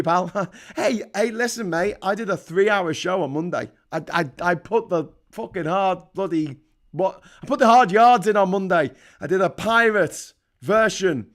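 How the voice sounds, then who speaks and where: A man's voice: high voice, moderate pace, a bit bright. A British man hosting a livestream, reading out chat and ranting about politics, heated, sarcastic and constantly swearing. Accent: British English. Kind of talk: casual political rant.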